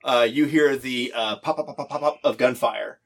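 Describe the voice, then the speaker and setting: A man's voice: mid-range voice, vocal fry, a bit bright. Man narrating a tabletop game. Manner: halting, laughing, acts out soldiers' lines. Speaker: game master.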